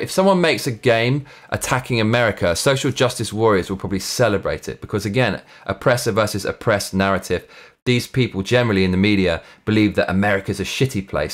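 A man hosting his own show, giving a blunt, profane, sarcastic rant. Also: lowish voice. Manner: mock Russian accent when reading reviews aloud. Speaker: host. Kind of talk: ranting commentary.

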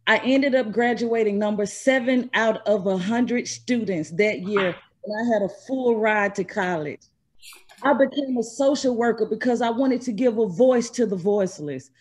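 A woman from Mississippi, a trauma specialist, telling her personal story in an earnest, measured and emphatic way over a video call. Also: a little high, darkish tone. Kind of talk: personal story told at an online event.

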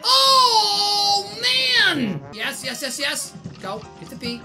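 A woman hosting a gaming channel, giving excitable, exclaiming let's-play commentary as she plays. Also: a little high, moderate pace, gravelly. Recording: game music under voice.

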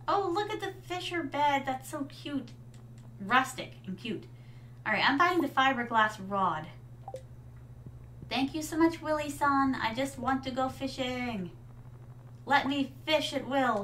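A woman's voice: sits high, animated, slow, pauses often, a bit bright, distant mic, slight background noise. A woman streaming a farming game, chatting casually and calling her viewers darlings. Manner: chatty, reads game lines aloud, addresses chat as darlings. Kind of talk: casual gameplay chat.

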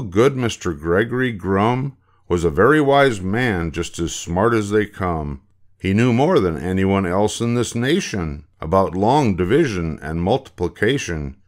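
Older guy reading a kids' book out loud, slow, lots of ups and downs in his voice. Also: on the low side. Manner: expressive, unhurried. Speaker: storybook reader. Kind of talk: reading a picture book aloud.

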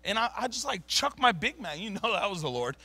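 A man preaching a sermon, telling stories in casual slang and swinging from low mutters to loud bursts. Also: sing-song, fairly quick, slightly rough. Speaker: pastor. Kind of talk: sermon storytelling. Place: church sanctuary.

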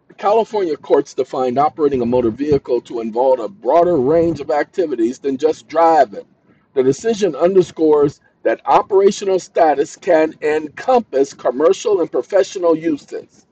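A man with a fairly high voice rants through legal definitions, reading them out and then snapping angrily at a chatbot. The recording sounds dull and lo-fi, as if captured on cheap gear. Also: moderate pace, slightly rough, no echo. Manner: reads text aloud, then shouts insults at an AI assistant. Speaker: channel host. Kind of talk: ranting commentary on legal terms.

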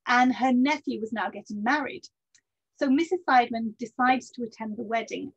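A woman's voice: a little high, breathy edge, highs cut off. A woman researcher giving a history lecture, hesitant with many ums and self-corrections, and dropping wry asides.

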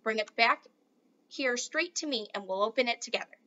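A woman doing a sly, excitable old grandfather. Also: on the high side, moderate pace, muffled recording. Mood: eager. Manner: whispering, conspiratorial. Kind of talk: storybook read-aloud.

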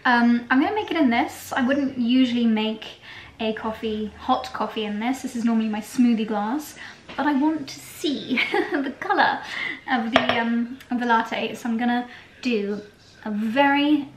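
A woman's voice: on the high side, moderate pace. Bubbly British woman chatting in kitchen. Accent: British English. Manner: bubbly, giggly, playful with made-up words. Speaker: lifestyle vlogger. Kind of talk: casual kitchen vlog chat. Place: home kitchen. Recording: roomy kitchen echo, faint background noise.

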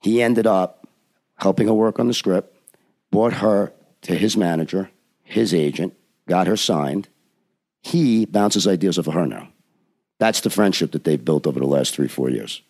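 Deep gravelly man telling a story. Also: moderate pace. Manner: animated storyteller, acts out quotes; frequent filler words and restarts. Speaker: film industry veteran guest. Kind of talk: casual anecdote on a podcast.

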